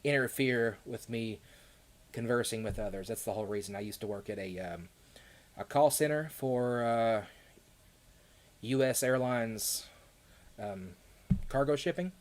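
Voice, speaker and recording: A man's voice: mid-range voice, measured pace, long pauses. A man with a Kentucky accent chatting casually with viewers on a live stream, rambling with frequent laughs and fillers.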